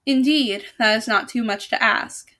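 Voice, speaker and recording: A woman reading a storybook aloud, voicing a calm, noble, melancholy male knight who speaks softly and evenly. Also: fairly high pitch. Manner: soft, measured.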